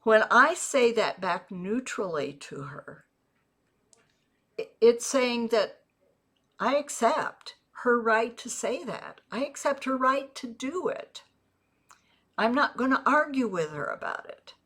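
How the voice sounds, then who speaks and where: A woman who works as a network marketing mentor, teaching a video lesson in a measured, deliberate way and repeating example phrases. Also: on the high side, expressive, a bit bright, breathy edge.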